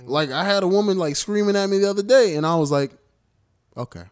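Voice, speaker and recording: Podcast host, male, fast and animated, slightly high voice, loose profane storyteller. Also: clear, resonant tone. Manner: animated storyteller, swears freely. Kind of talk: casual chat.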